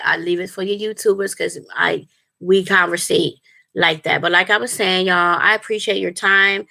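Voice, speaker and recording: A woman's voice: on the low side, fairly even intonation, moderate pace, vocal fry, bright, forceful tone. A woman, a spiritual life coach, talking casually and earnestly to her longtime viewers on a livestream, rambling with fillers and restarts.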